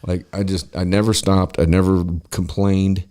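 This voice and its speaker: Casting note: low-voiced male podcast host, salty, animated storyteller, relaxed chat. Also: normal speed. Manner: profane, animated, acts out quoted people.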